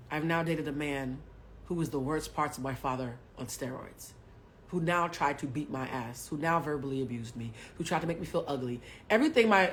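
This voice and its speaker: A woman in her forties from Haiti, a spiritual coach telling a personal story on a livestream in a blunt, profane way, swinging from loud bursts to hushed asides. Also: low-pitched. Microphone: webcam or phone mic on a home livestream.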